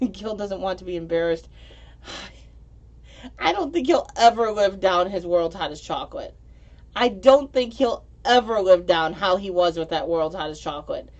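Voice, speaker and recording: A woman's voice: fairly low pitch, animated, measured pace, a little mellow, muffled recording. Woman rambling on her livestream, giggly, trips over words, home computer mic. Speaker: livestream host reading chat. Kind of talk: casual livestream chat.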